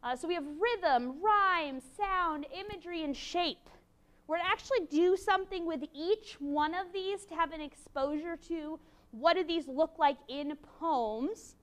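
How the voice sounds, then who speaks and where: A woman teaching a college class, lively and encouraging, with a playful manner. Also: very high voice, measured pace. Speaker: university lecturer. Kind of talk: classroom lecture.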